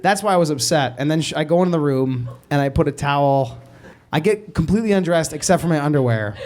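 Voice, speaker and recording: A man telling a comic story in a rambling, self-interrupting way, laughing as he goes. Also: a little high. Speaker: comedian telling a story on a podcast. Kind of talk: stand-up style comic storytelling.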